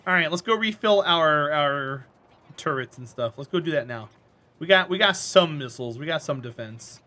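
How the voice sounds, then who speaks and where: A man's voice: on the high side, lively intonation, normal speed, sharp tone. A man with a North Carolina Southern accent, chatting and teasing viewers playfully while live-streaming a game. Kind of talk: live-streamed gameplay chat.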